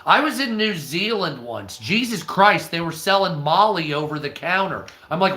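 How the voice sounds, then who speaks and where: A man's voice: fairly high pitch, animated, normal speed, bright, forceful tone, reverberant. A man hosting a livestream, chatting casually and swearing freely as he rambles through stories and answers his chat. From United States. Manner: profane, storytelling, talks to chat. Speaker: livestream host.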